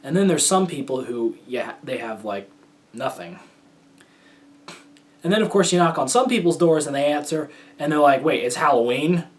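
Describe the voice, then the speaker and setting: A man's voice: fairly high pitch, animated, moderate pace, pauses often. A young man from the United States telling stories as a show host in casual solo talk, rambling and hesitant, with many fillers and restarts.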